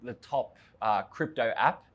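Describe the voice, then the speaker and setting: A man co-hosting a podcast, introducing a segment in a relaxed, slightly halting way. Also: medium pitch, muffled recording. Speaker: podcast co-host.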